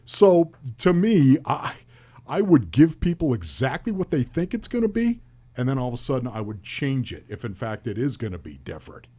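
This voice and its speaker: A man working as a radio color analyst, talking football in an animated, emphatic way and firing off rhetorical questions. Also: medium pitch, moderate pace. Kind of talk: sports talk analysis.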